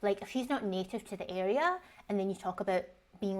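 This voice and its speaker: A woman's voice: mid-range voice, fairly even intonation, very fast. A woman in her usual mid-range voice gives casual reaction commentary on online posts. She is frank and chatty, swears without a second thought and keeps asking rhetorical questions.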